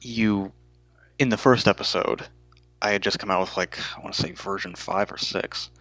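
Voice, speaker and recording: A man appearing as a guest on a casual podcast chat, talking in a halting, hesitant way with many restarts. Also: lowish voice, fairly even intonation, a bit bright, no echo, poor audio.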